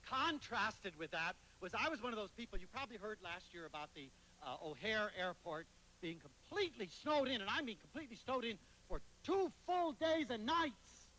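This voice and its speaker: A man giving a motivational lecture, telling anecdotes dramatically with sudden swings between loud and soft. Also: high voice, sing-song, normal speed, low-quality recording. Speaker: motivational speaker.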